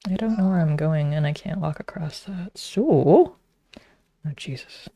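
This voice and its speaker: A woman's voice: deep voice, unhurried, warm tone, dry recording. A woman streaming a game, chatting casually and teasing her viewers.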